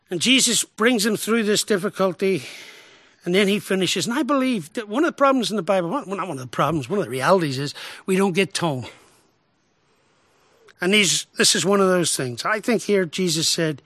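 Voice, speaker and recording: A man preaching a sermon as pastor, expressive, with rhetorical questions, swinging from emphatic lines to hushed ones. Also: sits high, dry recording.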